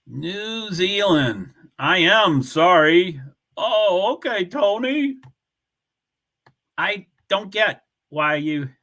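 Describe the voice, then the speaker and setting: A man runs a casual livestream, talking loosely and bluntly as he reads out viewers' comments. His voice sits high for a man and comes across bright and forward. He talks into a computer mic. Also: lively intonation, very slow, pauses often. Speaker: livestream host.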